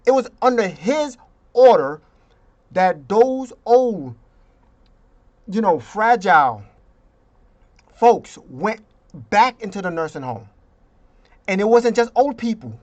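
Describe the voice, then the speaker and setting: An indignant vlogger ranting about politics at a slow, deliberate pace. The delivery is emphatic and jumps between loud outbursts and quieter asides, and the speaker slips into mocking voices now and then. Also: mid-range voice, sing-song, muffled recording. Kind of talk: political rant.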